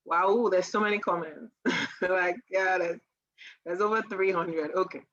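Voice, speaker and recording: A woman teaching persuasion on a casual live stream, animated and laughing often as she acts out sales lines. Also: lowish voice, unhurried, highs cut off.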